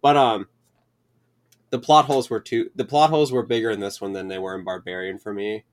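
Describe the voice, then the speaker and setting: Lower-voiced chatty male podcast guest. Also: fairly even intonation. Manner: loose, chatty, quick to laugh. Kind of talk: casual film review chat.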